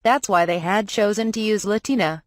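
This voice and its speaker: A woman narrating a light novel audiobook, reading the story and its dialogue in an even, measured way. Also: mid-range voice, dry recording, studio quality. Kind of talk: scripted narration with character dialogue.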